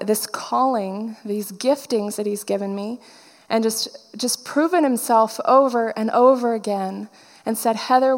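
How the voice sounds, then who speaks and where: A woman's voice: fairly high pitch, big-room sound. A woman preacher giving a personal testimony sermon, telling her story and acting out the dialogue.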